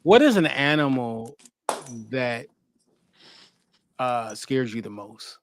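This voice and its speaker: A man's voice: medium pitch, sing-song, slow, noisy background. A man hosting a casual group chat, rambling loosely and laughing often. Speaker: host.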